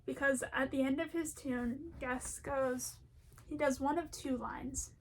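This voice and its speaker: A young woman rambling in a chatty, animated way as she comments on a favorite topic, laughing often along the way. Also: high-pitched, unhurried. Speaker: video essayist.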